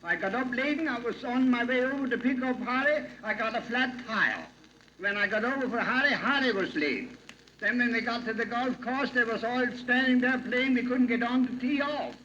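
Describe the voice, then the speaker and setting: A man's voice: very high voice, normal speed, sharp tone, pitched above the performer's own voice. A man playing a rambling old Pennsylvania Dutch professor who tells jokes in dialect, on a dull, hissy old recording. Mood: folksy. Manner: folksy, rambling joke-telling in dialect. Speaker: comic monologue character. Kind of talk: vintage comedy routine.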